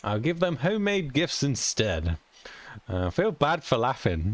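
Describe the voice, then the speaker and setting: A man's voice: medium pitch, wildly swooping pitch, a little slow. A young British man chatting casually while streaming a game, rambling and chuckling often with mild cursing. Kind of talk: casual chat while gaming.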